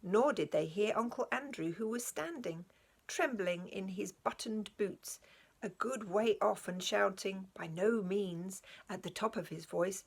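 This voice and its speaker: A woman reading a children's novel aloud for a church children's group, in an expressive, unhurried way. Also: mid-range voice, creaky, husky.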